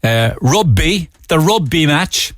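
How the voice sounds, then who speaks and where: A man's voice: mid-range voice, lively intonation, moderate pace, no echo. A middle-aged man with a Cork accent hosting a radio show, chatting casually with an amused manner and reading listener texts aloud. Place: radio studio. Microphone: studio microphone.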